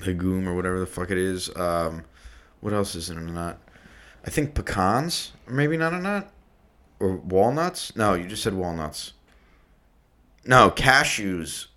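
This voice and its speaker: A man's voice: sits low, animated, measured pace, pauses often, sharp tone. A man co-hosting a casual chat, laid-back and swearing freely. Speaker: podcast co-host.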